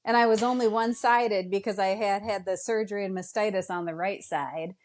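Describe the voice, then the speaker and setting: Animated middle-aged woman telling stories. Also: brisk. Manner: animated, emotional retelling with dramatic pitch jumps. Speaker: guest mother. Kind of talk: casual storytelling.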